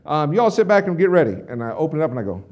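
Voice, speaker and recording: A young man giving an energetic storytelling speech to a live audience, acting out quotes with big swings in volume. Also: fairly high pitch, very fast. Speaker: company president giving a keynote. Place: large hall in front of a live audience.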